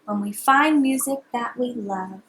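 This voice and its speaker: A woman voicing a shy, gentle young male giraffe in a picture-book read-aloud, soft and wistful. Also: on the high side, a little slow, reverberant, noisy background, lightly acted. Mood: contented.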